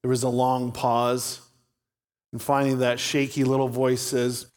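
Slow, earnest male pastor preaching. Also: mid-range voice, completely flat delivery, a little mellow. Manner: storytelling, earnest, emphatic. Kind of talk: sermon.

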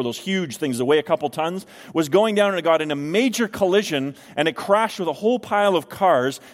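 A middle-aged man, a pastor, preaching a sermon with slow, emphatic stresses in a church sanctuary. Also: high-pitched. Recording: long hall reverb.

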